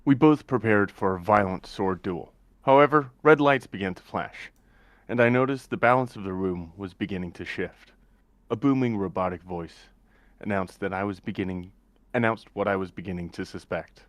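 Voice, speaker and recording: A man's voice: on the low side, normal speed, no room sound. A man narrating fight scenes in first person as a player in a tabletop story game. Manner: dramatic action narration. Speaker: player narrating his character.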